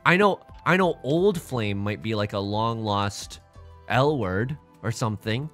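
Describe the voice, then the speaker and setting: Bright, animated man rambling over game music. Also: lowish voice, a little slow. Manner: rambling, goofy, jokey asides. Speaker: streamer. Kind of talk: casual game commentary.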